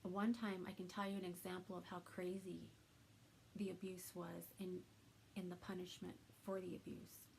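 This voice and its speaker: A woman vlogger telling a personal story to the camera, soft-spoken and halting, with trailing pauses. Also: lowish voice, little pitch movement, creaky, slight background noise, poor audio.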